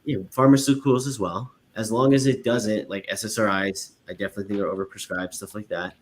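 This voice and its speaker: A man's voice: fairly low pitch, steady tone, fast, slight background noise. A man on an online panel, asking long, rambling questions full of fillers. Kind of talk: casual debate chat.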